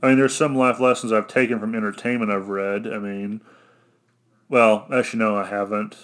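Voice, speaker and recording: A young man from Arkansas with an Arkansan accent, rambling through a solo rant in a monotone, blunt and cynical, often correcting himself. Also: fairly low pitch, moderate pace. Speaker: vlogger.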